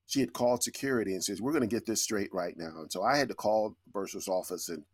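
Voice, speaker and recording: Middle-aged male guest, low voice, dry close sound, earnest reflective storyteller. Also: fast talker, no echo. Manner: earnest, reflective, with frequent restarts. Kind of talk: conversational storytelling.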